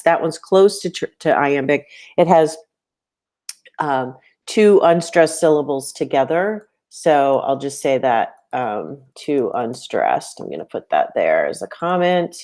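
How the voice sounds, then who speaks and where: A middle-aged woman teaching poetry, recording spoken feedback for a student in a relaxed conversational way, filling pauses with "um" and tapping out meter aloud. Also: a bass voice. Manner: conversational, many "um"s, reads lines aloud and taps out meter.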